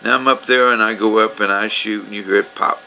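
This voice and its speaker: A man's voice: on the low side, steady tone, a little fast, vocal fry, pushed and bright, slight background noise, poor audio. A man telling his grievances in a rambling, profane, aggrieved way, as casual storytelling. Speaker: vlogger telling his own complaints.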